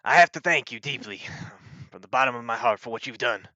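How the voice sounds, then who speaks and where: A man voicing a gruff, grieving middle-aged sheriff who talks bluntly and swears in a tabletop game. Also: medium pitch, animated, fairly quick, pushed and bright, no echo, muffled recording, voice pushed up. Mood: grateful. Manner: blunt, swearing, tough-talking.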